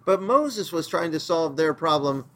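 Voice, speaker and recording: A man's voice: on the high side, expressive, a little slow, fairly bright tone, a little hiss or hum. A male pastor giving a casual, conversational sermon in plain, slangy words, acting out the voices he quotes as he tells the story.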